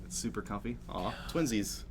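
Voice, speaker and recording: A man co-hosting a game livestream, quiet and soft-spoken, chatting casually. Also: fairly low pitch, lively intonation, moderate pace, a little hiss or hum. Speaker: stream co-host.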